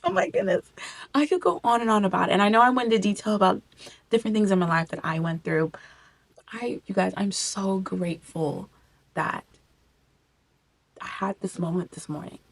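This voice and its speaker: A young woman vlogger speaks to her camera mic in a personal vlog, gushing and repeating herself and sometimes close to tears. Her mid-range voice is creaky and slightly rough, at a moderate pace with long pauses.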